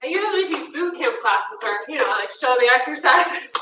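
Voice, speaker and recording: A woman's voice: sits high, lively intonation, normal speed, background noise. Breathless, chatty woman coaching a workout. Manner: upbeat, chatty, counting down reps. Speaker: fitness instructor. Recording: echoey room from a distance.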